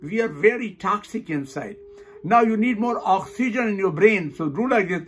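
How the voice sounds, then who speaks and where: A man's voice: sits high, expressive, normal speed, sharp tone, breathy edge. A man leading a laughter yoga session, cheerfully coaching and breaking into laughter and rhythmic ho-ho ha-ha chants.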